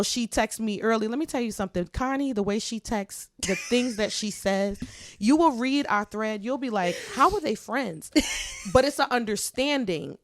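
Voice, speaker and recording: A woman co-hosting a podcast in heartfelt, casual chat, talking expressively and getting loud when she preaches. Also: mid-range voice, no echo, studio quality. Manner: expressive, preachy, animated swings in loudness. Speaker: podcast co-host.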